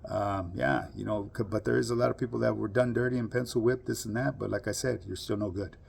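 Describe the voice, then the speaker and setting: Gravelly blunt-talking man. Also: on the low side, fairly even intonation, fast talker, a little mellow. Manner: blunt, profane, streetwise slang. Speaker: social media commentator. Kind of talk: casual monologue to camera.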